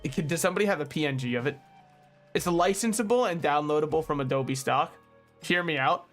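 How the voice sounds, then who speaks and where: A young man streaming a game, chatting casually and ranting animatedly with quick asides and frequent laughs. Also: on the high side, a bit bright, faint music behind. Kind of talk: casual gaming stream chat.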